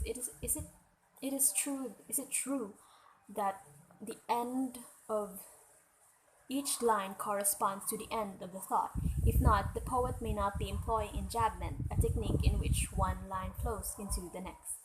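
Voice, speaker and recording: A woman giving a step-by-step lesson on analyzing poems, in a steady, instructive manner. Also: medium pitch, measured pace, noisy background. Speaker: student presenter.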